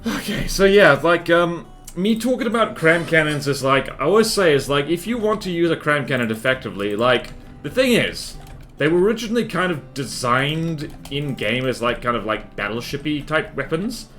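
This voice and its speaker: A man's voice: a little high, animated, moderate pace, fairly bright tone. Rambling male game streamer, faint music. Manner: rambling, filler-heavy, self-deprecating. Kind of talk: casual live-stream chat while building in a game. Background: faint music and keyboard typing.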